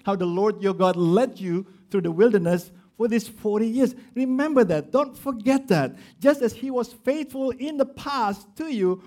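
A man preaching a sermon, building to loud emphatic lines and then dropping low and quiet to stress a point. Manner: acts out quoted voices of grumblers and of Jesus. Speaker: pastor.

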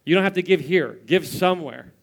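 A man's voice: high-pitched, brisk, gravelly. A man in his thirties preaching a sermon in church, telling stories with playful mimicry and chuckles. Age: 30s. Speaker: pastor.

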